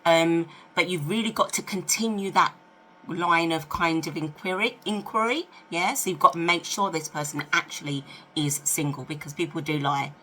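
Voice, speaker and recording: A woman in her fifties, a vlogger telling a dating story in a chatty, animated way to camera. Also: fairly low pitch, normal speed, slight background noise. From United Kingdom. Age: 50s. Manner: chatty, animated, asks rhetorical questions. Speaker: lifestyle vlogger.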